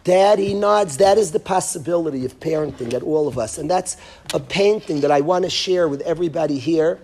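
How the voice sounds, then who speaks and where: A man, a rabbi giving a parenting lecture, telling a vivid story that swings from hushed to emphatic. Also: on the high side, a little fast.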